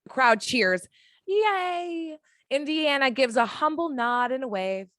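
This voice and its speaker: A woman reading a screenplay's action descriptions as narrator of a fan audio drama, in a dramatic, measured way. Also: fairly high pitch, animated, sharp tone, dry recording.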